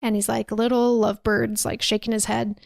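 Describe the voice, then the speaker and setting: A woman's voice: on the high side, little pitch movement, moderate pace, vocal fry, no room sound. A woman podcast host casually retelling a movie's scenes, acting out quoted lines with plenty of swearing. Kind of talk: casual chat.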